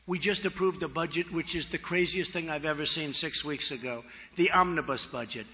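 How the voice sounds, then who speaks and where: A man's voice: a little high, fairly quick, pushed and bright. A man in his sixties giving a campaign rally speech, boastful and repetitive, with chatty asides to the crowd. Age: 60s. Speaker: political candidate. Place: large rally venue. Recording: long reverb of a large hall.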